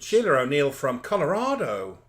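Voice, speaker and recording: A man co-hosting a live chat show, greeting viewers by name, calling each one lovely and trailing off softly. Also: a little high, wildly swooping pitch, normal speed, a loud crowd.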